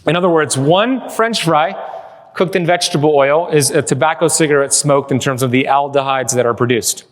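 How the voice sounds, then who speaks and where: A man's voice: a little high, a little fast. A man giving a live keynote to an audience in a large hall, talking with energy and cracking jokes as he tells stories. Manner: energetic, joking storyteller. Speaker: keynote speaker. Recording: echoey hall reverb.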